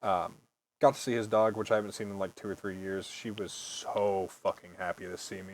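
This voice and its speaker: A man's voice: on the low side, lively intonation, fairly quick, darkish tone, no echo. A man in his early twenties, host of a casual podcast, telling rambling stories, swearing freely and laughing often. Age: early 20s. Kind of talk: casual storytelling chat.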